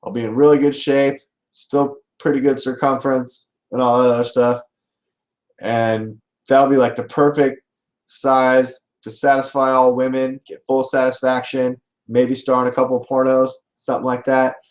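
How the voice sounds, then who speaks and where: A man's voice: mid-range voice, level tone, moderate pace, natural voice. A man voicing a frustrated young man who earnestly pleads about his problem. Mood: pleading.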